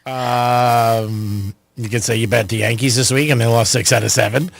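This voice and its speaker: A man's voice: mid-range voice, steady tone, normal speed, vocal fry, dry recording. A man co-hosting a radio show, reacting with exclamations and riffing in joking asides. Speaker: radio co-host. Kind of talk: casual radio banter.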